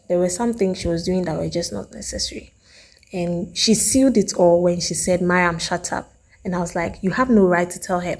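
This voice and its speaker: Woman, Ghanaian English accent, animated review monologue, dark tone, breathy edge. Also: fairly low pitch. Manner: emphatic, animated, acts out quoted lines. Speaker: reality TV reviewer.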